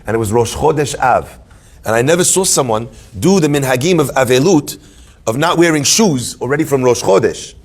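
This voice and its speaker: A man, a rabbi, giving a Torah class to a live audience, animated and joking, telling stories and asking questions. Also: medium pitch, fairly quick. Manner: animated, joking storyteller who asks questions.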